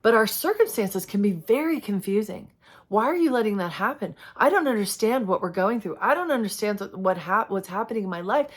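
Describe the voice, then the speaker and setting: Woman host, devotional talk, candid and earnest, middle pitch. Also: animated, a little fast. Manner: heartfelt, candid, acts out her prayers. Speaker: Christian video host.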